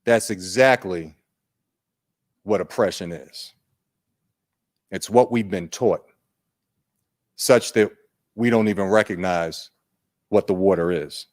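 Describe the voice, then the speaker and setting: A man presenting at an online training day, unhurried and conversational, putting questions to his audience. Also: on the low side.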